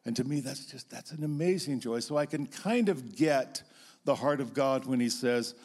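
A middle-aged man giving an earnest, expressive teaching talk as a Christian speaker, standing before an audience. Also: mid-range voice, normal speed, husky. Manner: earnest and expressive, acting out emotional outbursts.

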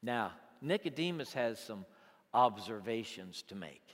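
A man preaching a sermon, moving between loud exclamations and quiet, conversational asides. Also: fairly low pitch, sing-song, a little slow. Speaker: pastor. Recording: long reverb of a large hall.

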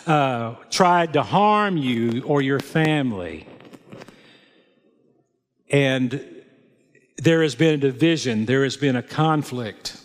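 Slow, deliberate preacher in an echoing hall. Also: male voice, on the high side. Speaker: pastor. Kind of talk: sermon. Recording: long reverb of a hall.

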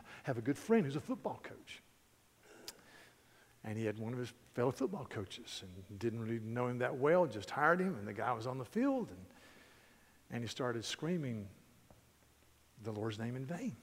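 A man preaching a sermon in a conversational, animated way, telling stories with frequent restarts. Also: mid-range voice, moderate pace, slightly rough. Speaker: pastor. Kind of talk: sermon with storytelling. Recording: hall reverb.

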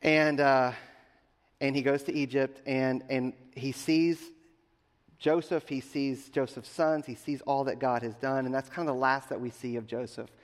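A man's voice: medium pitch, steady tone, moderate pace. A man preaching a sermon who retells the story casually and talks directly to the congregation. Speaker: pastor. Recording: long reverb of a large hall.

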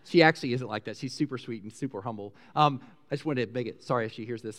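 A middle-aged man preaching a sermon as a pastor, conversational and animated, rising loud and high when excited. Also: fast talker, hardly any pauses. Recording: preached in a church, long reverb.

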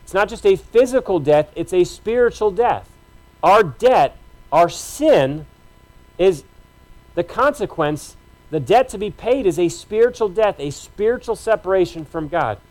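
A man with a notably high voice for a male speaker delivers a sermon from the pulpit. He talks to the congregation in a conversational, emphatic way, piling up short repeated phrases. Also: animated, unhurried, a little mellow, rough recording. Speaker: pastor.

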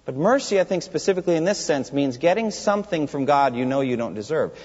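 Animated preacher man in a reverberant hall. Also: fairly high pitch, quick pace, husky. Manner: emphatic, asks the congregation rhetorical questions. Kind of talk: expository sermon. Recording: long hall reverb, dull lo-fi sound.

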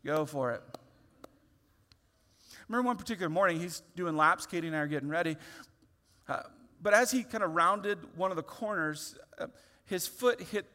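A man in his thirties preaching a sermon, telling a personal story in a lively, open way with many restarts. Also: high-pitched, brisk. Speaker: pastor. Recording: long hall reverb.

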